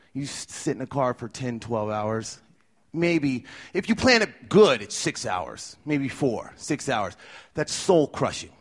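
A man's voice: mid-range voice, sing-song, measured pace. A man telling tour stories live on stage, wry and self-deprecating with a gloomy streak. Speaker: storyteller at a live show. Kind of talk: live storytelling.

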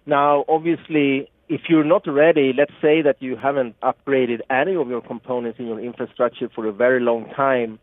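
A man's voice: medium pitch, no echo. A man with a Swedish accent, a product marketing guest, explaining earnestly with many restarts and fillers. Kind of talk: explanatory interview answers. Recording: tinny phone-like line, dry.

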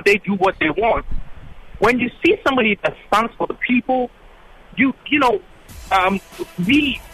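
Bright, husky male caller. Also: high-pitched, rough recording. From Ghana. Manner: halting, with many fillers and restarts. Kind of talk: phone-in call.

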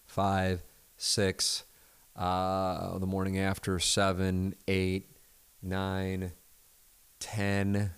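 Calm deep-voiced man, dry sound. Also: smooth, no echo. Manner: calm, measured, conversational. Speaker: podcast host. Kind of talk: casual solo talk and live read.

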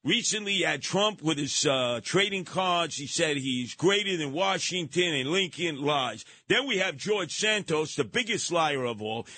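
Combative New radio host, bright tone. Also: male voice, fairly high pitch, lively intonation. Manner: rambling, combative, sarcastic, with quick asides. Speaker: radio talk show host. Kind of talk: call-in talk radio monologue. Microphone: studio mic, dry.

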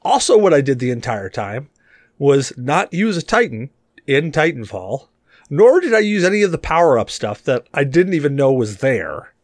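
Animated joking man on a gaming podcast. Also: no echo, clean studio sound. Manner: animated, joking, quick swings in pitch. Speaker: podcast co-host. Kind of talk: casual gaming chat.

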